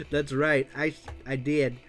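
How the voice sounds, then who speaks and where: A man hosting a casual livestream show, excitedly reading viewer comments aloud and laughing often. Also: a little high, very slow, faint music behind. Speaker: show host.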